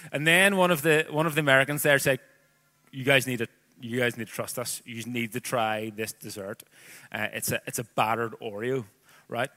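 A man's voice: medium pitch, fairly even intonation, normal speed, pushed and bright. A man in his thirties with a Northern Irish accent, preaching a sermon that moves from scripture reading into a chatty personal story full of casual asides. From Northern Ireland.

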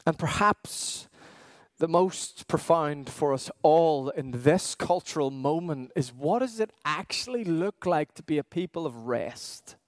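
A man preaching a sermon as pastor, earnest and questioning, with emphatic pauses. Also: a little high, lively intonation, no room sound.

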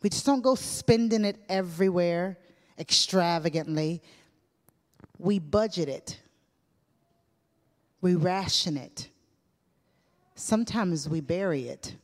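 A lowish-voiced woman takes it slow, pausing frequently, as she tells stories in a chatty sermon full of casual fillers. The church hall gives the recording a long reverb.

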